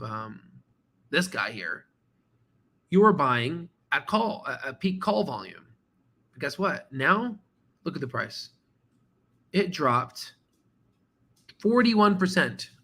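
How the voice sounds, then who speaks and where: A man hosting a stock trading channel, talking casually and excitably while going through charts, swearing now and then and repeating himself as he rambles. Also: mid-range voice. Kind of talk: casual screen-share market commentary.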